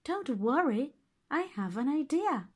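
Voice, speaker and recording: A woman voicing a clever young boy in a storybook reading, calm and reassuring. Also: high-pitched, unhurried, voice pushed up.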